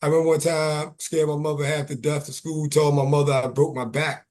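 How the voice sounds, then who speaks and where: A man co-hosting a casual chat in a relaxed, laid-back way. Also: a little high, brisk. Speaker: podcast co-host.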